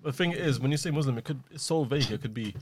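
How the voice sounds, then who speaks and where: A man's voice: medium pitch, darkish tone, breathy edge. A man, a podcast host and comedian, chatting casually and joking a lot. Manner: fast, joking, lots of "bro" and "innit". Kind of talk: casual chat.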